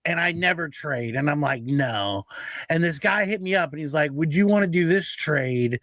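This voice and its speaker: A man's voice: on the high side, animated, normal speed, a bit bright, no echo. A man on a pop culture panel who speaks a little hesitantly and sheepishly. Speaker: podcast panelist. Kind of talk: casual chat.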